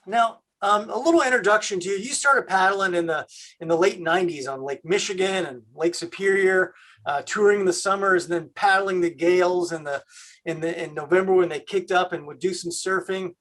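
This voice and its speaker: A man from Canada hosting a video call, talking in a halting way with many fillers. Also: high voice, a bit bright. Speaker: host.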